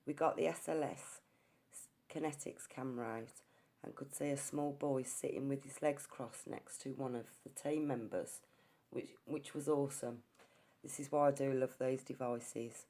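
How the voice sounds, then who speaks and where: A woman's voice: extremely low pitch, fairly even intonation, moderate pace, mellow. A woman narrating her ghost-hunting experience in an earnest, storytelling way, sometimes restarting her words. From England. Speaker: ghost hunter. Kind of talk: narrated ghost-hunt account.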